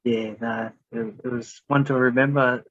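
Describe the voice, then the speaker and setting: A man's voice: mid-range voice, normal speed, no room sound. Male host on a dull, dry mic. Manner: relaxed, short affirmations and rambling questions. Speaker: podcast host. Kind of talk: casual interview.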